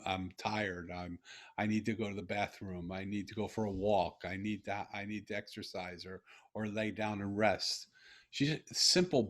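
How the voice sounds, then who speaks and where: Husky low-voiced middle-aged man. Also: fairly bright tone. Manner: earnest, heartfelt, with frequent restarts. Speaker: guest author and speaker. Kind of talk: podcast interview storytelling.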